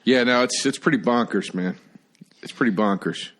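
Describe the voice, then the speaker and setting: A man's voice: medium pitch, normal speed, fairly bright tone. A man in his forties co-hosting a podcast, chatting casually as a laid-back, wry storyteller. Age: 40s. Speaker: podcast co-host. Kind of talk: casual chat.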